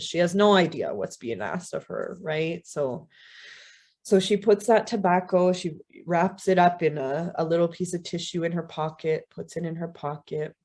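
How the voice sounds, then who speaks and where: Woman telling a story in a talk, lowish voice. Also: normal speed. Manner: casual, warm storytelling with "you know" and soft laughs. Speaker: guest speaker.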